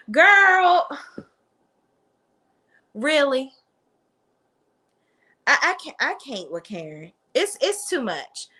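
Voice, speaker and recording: A woman's voice: mid-range voice, bright, forceful tone. A young woman, recapping a TV episode in a sassy, blunt, casual way and imitating the characters. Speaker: reality TV recap host.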